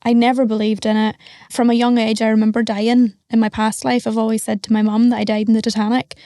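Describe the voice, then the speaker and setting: Young Northern Irish woman, frank matter-of-fact guest, higher voice, flat delivery, mellow tone. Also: fast, no room sound, clean studio sound. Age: young adult. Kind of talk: candid interview talk.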